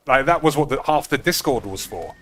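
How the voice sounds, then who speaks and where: A man's voice: medium pitch, lively intonation, brisk, fairly bright tone, slight background noise. A man chatting casually and swearing freely while streaming a card game. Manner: rambling, sweary, offhand. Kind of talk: casual live-stream chat while gaming.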